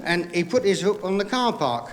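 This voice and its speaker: A man doing stand-up comedy, telling joke after joke in a brisk patter full of "he said", recorded live on stage. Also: sits high, animated, crowd noise. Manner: rapid gag patter with repeated "he said". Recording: live vinyl recording in a hall with audience laughter.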